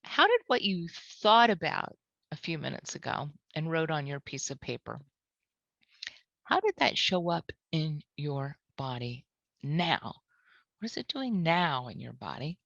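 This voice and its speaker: Woman guiding a calm tapping lesson. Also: sits low, vocal fry, dry recording. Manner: calm, repeats phrases slowly. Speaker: tapping trainer. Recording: dull lo-fi audio.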